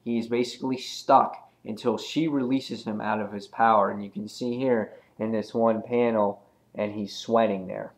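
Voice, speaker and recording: A man's voice: on the low side, steady tone, moderate pace. A man giving a casual comic book review, chatty and rambling with many ums and uhs.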